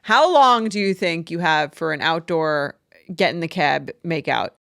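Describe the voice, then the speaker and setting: A woman's voice: low voice, unhurried, creaky, a bit bright, no room sound, clean studio sound. A woman co-hosting a podcast in casual chat, adding wry, teasing remarks. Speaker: podcast co-host.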